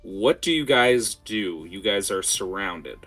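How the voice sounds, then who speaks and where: Bright, forceful game master man. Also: fairly low pitch, slow pace, soft background music. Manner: lively, rambling with fillers and asides. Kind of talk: narrating a tabletop game.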